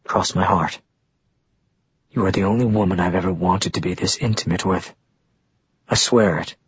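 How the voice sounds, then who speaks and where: A man voicing a gentle, protective young man, speaking calmly and firmly in a low, soft voice. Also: normal speed, breathy edge, highs cut off. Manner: calm, firm, low and soft.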